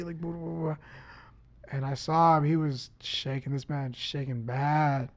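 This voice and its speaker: A man, a guest on a podcast, tells a story in casual chat. He talks in an animated way and swears often. He acts out what each person said. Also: on the high side, a little fast.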